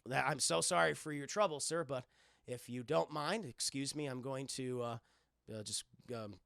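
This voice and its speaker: Brief: man doing a timid polite swordsman, pitched lower, stammering, gravelly, bright dry tone. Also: no echo. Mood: awkward. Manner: halting, stammering, low and quiet. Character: polite, hesitant samurai, stiff and apologetic.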